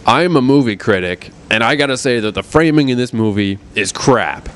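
A man's voice: medium pitch, animated, moderate pace, a bit bright, close to an everyday voice. A man quoting a smug movie critic who is complaining about a screening.

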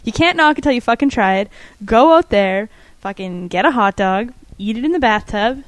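A woman co-hosting a casual podcast chat, animated and giggly, swearing freely. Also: on the high side, moderate pace, no room sound. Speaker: podcast co-host.

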